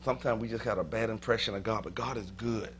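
A man's voice: fairly low pitch, fairly even intonation, quick pace, slight background noise. A male pastor preaching a sermon in a church, talking conversationally, repeating words and chuckling often.

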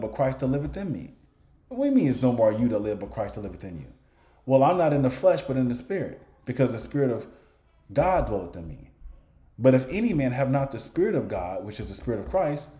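Guy preaching casually, lively ups and downs, mellow voice, asks and answers his own questions, roomy echo. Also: fairly high pitch. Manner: conversational, with chuckles and restarts. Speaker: bible teacher. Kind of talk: informal preaching to camera.

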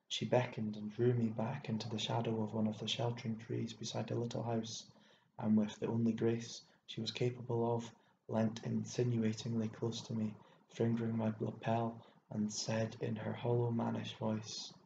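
Man, audiobook narrator, gravelly voice, mellow tone, steady measured reading, echoey room. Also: on the low side, a little hiss or hum. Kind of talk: audiobook reading of a literary short story. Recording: echoey room, dull lo-fi sound.

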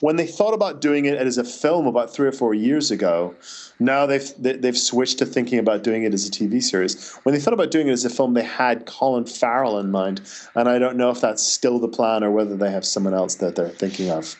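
A man's voice: mid-range voice, a little mellow. Chatty Northern Irish man. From Northern Ireland. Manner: chatty, anecdotal, quick restarts. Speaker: author. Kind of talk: casual interview answers.

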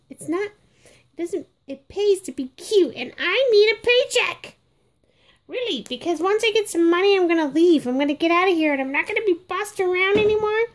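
A sassy, fed-up baby girl doll, as a woman voices her with an extremely high, squeaky voice. She grumbles and complains in an exasperated rant aimed straight at the viewers. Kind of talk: comedic monologue in character.

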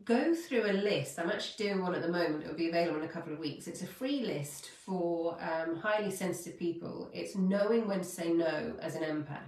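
A woman's voice: lowish voice, brisk, few pauses, a little mellow, distant mic. Heartfelt woman talking in an echoey room. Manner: heartfelt, rambling, self-correcting. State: near tears. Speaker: podcast host. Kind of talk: spiritual coaching talk.

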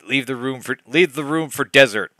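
A man voicing a polite restaurant waiter, smooth and formal. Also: medium pitch, moderate pace, bright, forceful tone, no room sound, pitched above the performer's own voice, natural voice.

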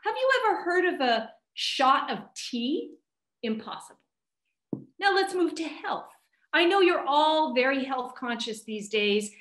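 A woman's voice: sits high, very animated, unhurried, fairly bright tone, reverberant. A woman faculty member giving a comedic debate speech over a video call, with playful, theatrical emphasis.

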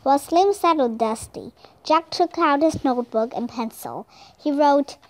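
A woman reading a children's audiobook aloud in a slow, careful way. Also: sits high, no echo. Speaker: audiobook reader.

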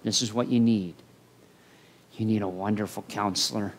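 Lively storytelling preacher man. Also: lowish voice, normal speed. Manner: animated storytelling, acting out voices. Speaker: pastor. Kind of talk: sermon.

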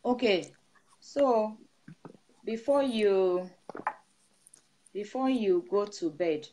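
Woman pastor, middle-aged, sermon, emphatic, repetitive blessing cadence, mid-pitched voice. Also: expressive, very slow, dark tone, slight background noise. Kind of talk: sermon blessing over an online broadcast. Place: seated indoors.

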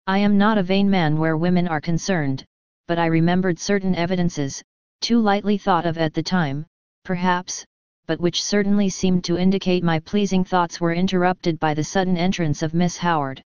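A woman narrating a classic mystery audiobook in a steady, even reading voice. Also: on the low side, normal speed, smooth, no room sound, lo-fi sound. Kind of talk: scripted narration.

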